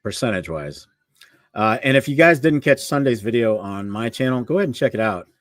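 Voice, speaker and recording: A man co-hosting a casual livestream talks loosely with his partner and rattles off market prices quickly. His medium-pitched voice has lively intonation, captured in studio quality with no echo.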